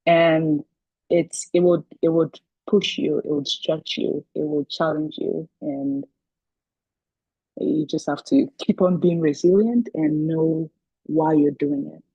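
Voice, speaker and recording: A woman talks as a guest on a video call, her voice husky and mellow. She tells stories in a chatty way and laughs between points. The sound is dry and close. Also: low voice, fairly even intonation, slow pace, dry recording, highs cut off. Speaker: guest speaker, parent coach. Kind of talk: casual talk on a video call.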